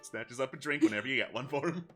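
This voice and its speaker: A man narrating as game master, describing the scene quickly and laughing along. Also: mid-range voice, bright, forceful tone, faint music behind.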